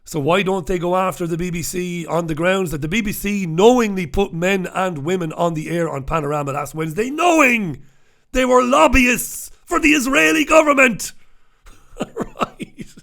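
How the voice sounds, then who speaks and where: A man from the north of England hosts a newspaper review, ranting bluntly and throwing in swear words. His voice sits somewhat high with a gravelly rasp. He talks close into the microphone. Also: moderate pace, a bit bright. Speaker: radio host. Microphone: talking close into two microphones.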